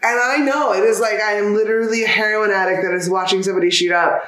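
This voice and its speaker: A woman co-hosting a podcast, telling stories in a playful, giggly, animated way. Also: mid-range voice, fast. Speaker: podcast co-host. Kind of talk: casual chat. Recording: echoey room.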